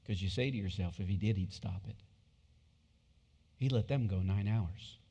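A male pastor delivering a sermon, shifting from quiet, intimate passages to loud, excited bursts, on a wireless body mic. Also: lowish voice, normal speed, breathy edge, in a large hall, highs cut off.

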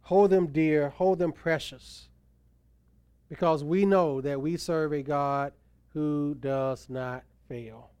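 A pastor preaches with emphatic swells, his voice slightly high and smooth. The sound is close and dry, with little room around it. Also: fairly even intonation, slow pace, a little mellow, dry recording, lo-fi sound. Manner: emphatic preaching, voice rising and falling for stress. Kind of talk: sermon.

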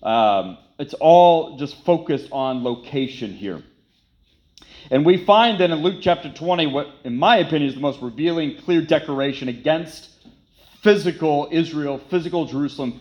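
A man delivers a sermon in a voice set a little high for a man. He preaches with emphasis, stacking repeated phrases and putting questions to his listeners before answering them himself. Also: normal speed, a little mellow, muffled recording. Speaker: pastor.

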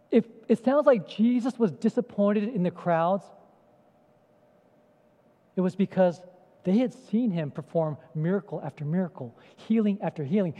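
A high-pitched man preaches with a dark, mellow tone, talking through the passage and asking his congregation questions. The recording is dull and lo-fi, with a long reverb from a large church hall. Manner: conversational, asks the congregation questions. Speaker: pastor. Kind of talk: sermon. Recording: echoey hall, dull lo-fi sound.

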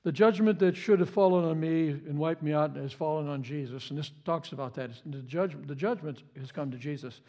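Impassioned high-voiced male pastor. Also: fairly quick, few pauses, warm tone. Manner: impassioned, repeats words, stammers on restarts. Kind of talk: sermon.

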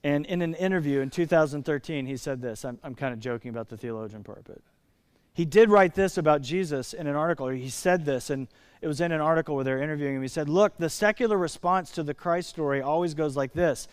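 A man from Indiana preaching a sermon as pastor, emphatic and slowing down to stress key words. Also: fairly high pitch, clean tone, no room sound.

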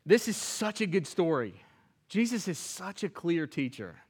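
A man preaching a sermon in a church, reading scripture aloud and acting out its lines, swinging from loud emphasis to hushed whispers. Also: fairly high pitch, very animated, measured pace, breathy edge. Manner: reads scripture aloud and acts out the characters' lines. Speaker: pastor.

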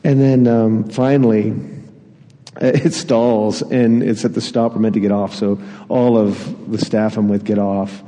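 Male preacher, warm mellow voice, self-deprecating storyteller, hall reverb. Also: on the low side, flat delivery, unhurried. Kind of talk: sermon.

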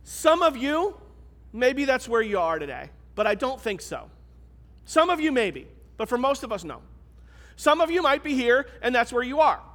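A man's voice: extremely high pitch, big pitch swings, normal speed, fairly bright tone. A man pastor preaching a sermon in a church, in a conversational, emphatic way. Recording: long reverb of a large hall.

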